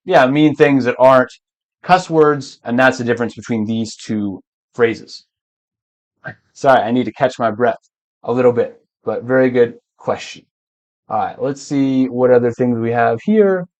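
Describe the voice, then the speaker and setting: A man teaching English in a live online lesson, patient and encouraging, often clearing his throat. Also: mid-range voice.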